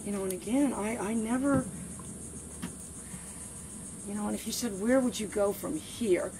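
At a moderate pace and medium pitch, a woman talks casually as she trains her dog. Her chatter is playful with sing-song repeats, captured in a noisy outdoor recording.

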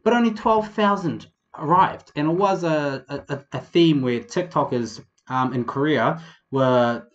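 A young man from New Zealand with a New Zealand accent, hosting a casual comedic vlog in a rambling, profane, animated way. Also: fairly high pitch, a little slow, highs cut off. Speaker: vlog host.

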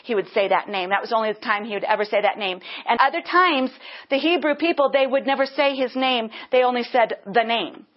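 A woman's voice: fairly high pitch, a little fast. A woman teaching a Bible lesson earnestly, breaking into bursts of praise. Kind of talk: teaching sermon. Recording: dull lo-fi sound.

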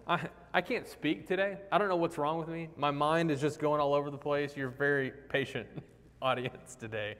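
A man preaching a sermon in a conversational, animated way, acting out the quoted lines. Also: on the high side, normal speed. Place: church sanctuary. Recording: long hall reverb.

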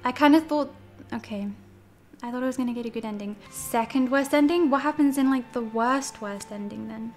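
A woman's voice: a little high, fairly quick, faint music behind. A woman streaming a game late at night, tired and teary, rambling casually with lots of "like" and "dude". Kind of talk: casual live-stream chat.

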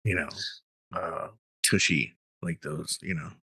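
A man co-hosting a podcast in casual banter, joking in a playfully hushed voice. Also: sits low, steady tone, slow, breathy edge, no echo. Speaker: podcast co-host.

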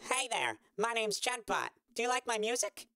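Casting: man putting on a squeaky cocky male robot musician, high and chirpy, slow and gravelly. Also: big pitch swings, sharp tone, no echo, clean studio sound, full character voice. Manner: goofy, repetitive test lines.

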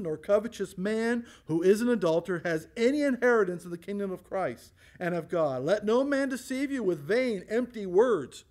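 Animated high-voiced pastor teaching. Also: male voice. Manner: animated, asks rhetorical questions and answers them; acts out voices in quotes, laughs often. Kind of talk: Bible study teaching.

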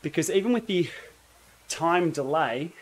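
A man's voice: a little high, lively intonation, a little slow. A man with an Australian accent chatting casually on a livestream while riding an indoor trainer, rambling with wry asides. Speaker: cycling YouTuber host.

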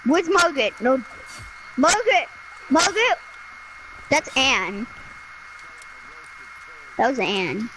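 High-voiced, excitable female gamer. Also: takes it slowly, pauses often, background noise. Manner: excitable and melodramatic, with sudden shouts. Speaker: gaming streamer. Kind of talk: casual gameplay chat.

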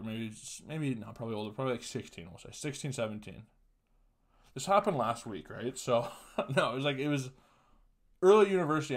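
A man in his twenties hosting a podcast, telling casual profane stories on his own and laughing through them. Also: medium pitch. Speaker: podcast host. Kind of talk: casual solo storytelling.

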